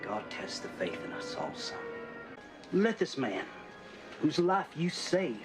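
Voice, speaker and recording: An actor playing a middle-aged male reverend who speaks in an earnest, measured way. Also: fairly high pitch, big pitch swings, music in the background. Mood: solemn.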